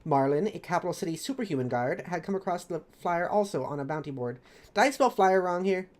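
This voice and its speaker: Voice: mid-range voice, expressive, a little fast. A streamer reading a story recap of a tabletop campaign, chatty and rambling. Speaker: streamer narrating campaign lore.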